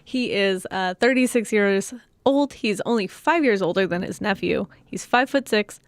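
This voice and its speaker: A woman's voice: mid-range voice, moderate pace, no echo. A woman co-hosting a podcast, narrating a true story from notes and laughing often.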